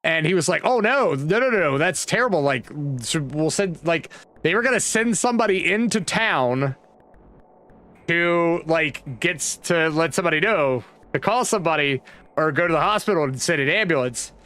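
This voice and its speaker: A man's voice: on the high side, expressive, normal speed, a bit bright. Rambling man telling stories. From West Virginia, USA. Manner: rambling, with restarts and asides. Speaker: vlogger. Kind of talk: casual storytelling while browsing a map.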